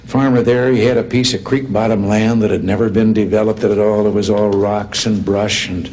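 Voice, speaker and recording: A man's voice: fairly low pitch, little pitch movement, normal speed, a little mellow. An older man giving a speech full of folksy anecdotes, told with dry humor. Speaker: public speaker. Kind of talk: joke-filled speech. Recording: long hall reverb, faint noise.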